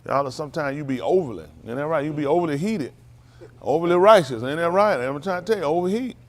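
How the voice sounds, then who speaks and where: Before the service, a pastor trades folksy, teasing banter with his congregation in a loose call-and-response style. He speaks quickly in a rather high, expressive voice in the congregation hall.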